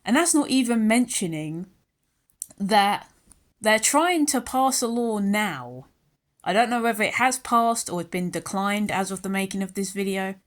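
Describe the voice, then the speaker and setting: A young British woman ranting angrily into her channel's camera, sarcastic and worked up, her pitch jumping up and down as she talks. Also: lively intonation, unhurried. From United Kingdom. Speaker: YouTuber. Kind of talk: ranting vlog commentary.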